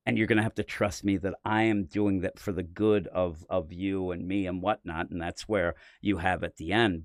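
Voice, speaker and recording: A man's voice: low voice, no room sound, clean studio sound. Rambling enthusiastic man reviewing comics. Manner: rambling, enthusiastic, lots of fillers. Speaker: comic book podcast host. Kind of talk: casual comic review chat.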